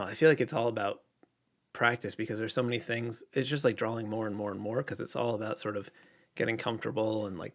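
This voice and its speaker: A man chatting casually on a livestream, reading out viewer questions and answering in a relaxed, rambling way with lots of fillers. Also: lowish voice, vocal fry. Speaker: illustrator livestreaming.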